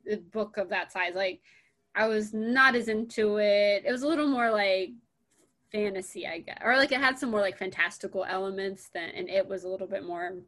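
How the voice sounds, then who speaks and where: A woman's voice: medium pitch, fairly even intonation, a bit bright. Young american woman chatting casually, lots of um and like, keeps restarting. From United States. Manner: halting, many fillers and restarts. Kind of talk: casual chat.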